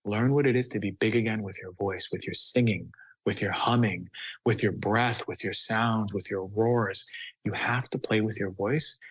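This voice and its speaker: A man's voice: lowish voice, steady tone, moderate pace, breathy edge, no room sound, rough recording. A man speaking as a guest doctor on a podcast, talking with passion and force, now and then acting out children's voices. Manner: emphatic, acts out children's voices.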